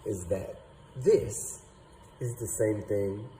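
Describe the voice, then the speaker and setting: A man teaching a lesson, slowly sounding out syllables and thinking aloud. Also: on the low side, dark tone, slight background noise, poor audio. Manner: slow and deliberate, sounding out syllables; thinking aloud, doubting himself. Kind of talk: explaining at a whiteboard.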